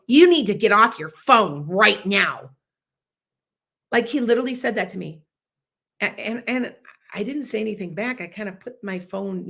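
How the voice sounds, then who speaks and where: Woman host in her fifties, loud, boisterous, casual live chat storyteller. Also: mid-range voice, gravelly. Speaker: podcast host.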